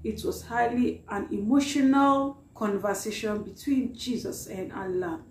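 A woman hosting a reaction vlog, tearful after crying, talking in an apologetic, halting way full of "like". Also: fairly high pitch, darkish tone. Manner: apologetic, halting, heavy use of "like". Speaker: reaction video host. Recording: echoey room with faint noise.

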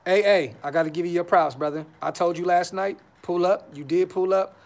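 Brisk and high-voiced, a man hosts a fan podcast on a live stream from his brother's house. He speaks casually and with frustration, leaning on blunt slang and repeating himself often.

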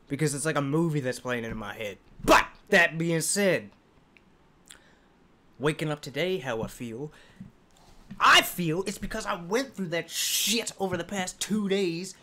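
A man's voice: fairly high pitch, sharp tone. A man hosting a music reaction video, talking in a casual, profane, rambling and heartfelt way, emotional as he speaks.

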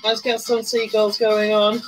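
A woman's voice: fairly high pitch, monotone, a little slow, poor audio. A woman hosting a chatty live stream while doing her makeup, greeting viewers by name, squealing and humming along. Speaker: livestream host. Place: indoors at home, live streaming. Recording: faint music behind.

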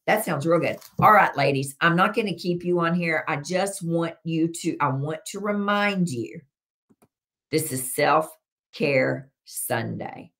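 A woman's voice: sits low, a bit bright. A middle-aged woman hosting a wellness live stream, talking earnestly and dropping her voice on key points. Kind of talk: live-stream chat, reading viewer comments.

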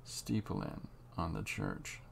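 Man, very low voice, unhurried, thinking aloud, drawing tutorial, light background hiss. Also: sing-song, vocal fry. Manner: unhurried, halting, muses as he works. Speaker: comic artist drawing on camera.

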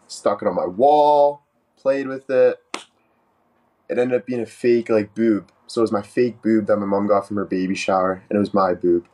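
Low-voiced man telling a joking story. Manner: animated, joking, swears freely. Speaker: live streamer. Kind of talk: casual live-stream storytelling.

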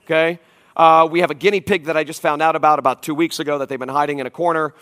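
A man in his forties preaching a conference sermon, telling stories in an animated, emphatic way with frequent asides to the audience. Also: on the high side, racing. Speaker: pastor. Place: church auditorium.

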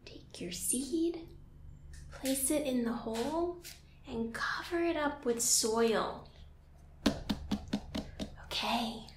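A woman leads a yoga class for small children, talking very slowly in a gentle, playful tone. Her voice sits high, and she sometimes sings a line or barks like a dog. The sound is roomy and comes from some distance away from the mic. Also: noisy background. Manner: slow, gentle and playful, with sung lines and animal sounds. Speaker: kids yoga teacher.

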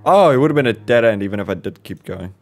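A man with a fairly low voice hosts a let's play. He banters loosely, cracks jokes and drops the odd swear as he reacts to what happens on screen. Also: lively intonation, soft background music. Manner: jokey, swears, quick reactions. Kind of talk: casual gaming commentary.

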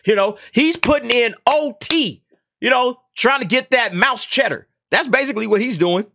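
Guy ranting on his commentary channel, high bright voice, laughing and mocking a lot. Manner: mocking, laughs often, drawn-out emphasis; conversational, repeats "okay?" and "man". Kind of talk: opinionated commentary.

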